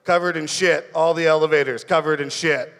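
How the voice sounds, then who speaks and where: A man's voice: a little high, fairly even intonation, fairly quick, fairly bright tone, big-room sound, natural voice. A man voicing a chatty male neighbor with a pug, who talks bluntly and overshares. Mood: gleeful.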